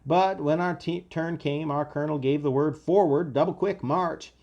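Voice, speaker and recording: A man doing a young Southern soldier with a put-on American Southern accent, reading his letter home in a boastful, spirited voice. The voice runs a bit higher and louder than a plain reading, with a gravelly edge. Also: normal speed, muffled recording, natural voice.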